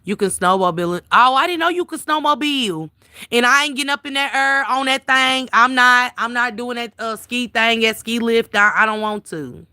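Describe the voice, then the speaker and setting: A woman's voice: fairly high pitch, normal speed, sharp tone, dry recording, studio quality. A woman hosting a casual livestream, reading viewers' comments aloud and chatting back to them by name.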